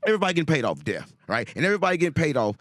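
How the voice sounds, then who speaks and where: A man from St. Louis, a guest in casual conversation, talking in an animated, profane, preaching and storytelling way. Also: fairly high pitch, very fast, no room sound, studio quality. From St. Louis, USA.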